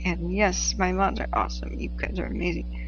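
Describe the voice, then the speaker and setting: A woman's voice: fairly low pitch, little pitch movement, fairly quick, muffled recording, slight background noise. A woman from the Pacific Northwest hosting a casual livestream, chatting, laughing often and reading viewer messages aloud. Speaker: livestream host tracking wildfires.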